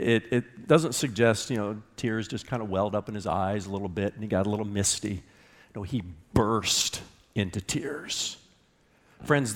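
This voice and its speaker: Man preaching with big rising swells. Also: big-room sound. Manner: emphatic preaching with wide swings between loud rising questions and hushed low passages; reads scripture aloud in an even storytelling tone. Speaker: pastor. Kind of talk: sermon.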